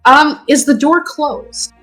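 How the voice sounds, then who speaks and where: A woman player in a tabletop game who talks slowly and casually and is easily amused. Her voice is a bit high, with faint music in the background. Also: a bit bright, poor audio.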